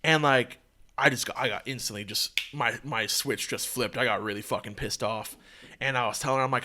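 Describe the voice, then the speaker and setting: A young man hosting a podcast, telling a story in a casual, profane, animated way. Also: mid-range voice, a little fast. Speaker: podcast host.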